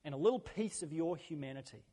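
A man's voice: a little high, expressive, quick pace, dark tone. Earnest male pastor in a reverberant hall. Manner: earnest, conversational preaching with repeated phrases. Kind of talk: sermon.

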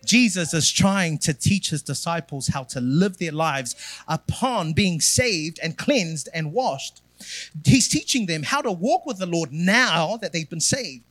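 Male pastor, bright forceful preaching tone, emphatic build-ups. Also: a little high, animated, a little slow, no room sound. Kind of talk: sermon.

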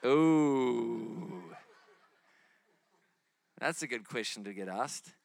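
A New Zealand man preaches in a brisk, fairly high voice, telling healing stories as a sermon. He's animated, acting out the people who appear in them.

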